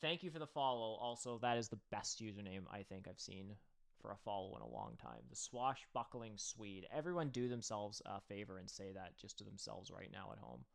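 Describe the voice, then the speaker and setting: A man with a lowish, gravelly voice hosts a livestream. He casually breaks down a board game match and thinks aloud. He talks directly to his viewers as he goes. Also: lively intonation, brisk. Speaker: host and game commentator.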